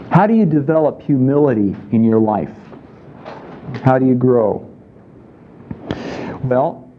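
A man's voice: mid-range voice, muffled recording, a little hiss or hum. A man preaching a sermon in a conversational way, often asking his listeners questions. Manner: conversational, asks the congregation questions. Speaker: pastor.

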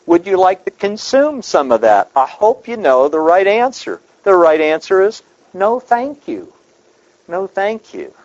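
A man's voice: high-pitched, vocal fry, a little mellow, highs cut off. A man preaching a sermon, emphatic, asking rhetorical questions and repeating his key points.

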